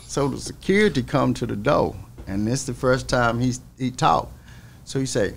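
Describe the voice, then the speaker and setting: A male singer, a guest in an interview, telling a lively story and laughing often as he talks. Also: fairly high pitch, normal speed, creaky, slight background noise.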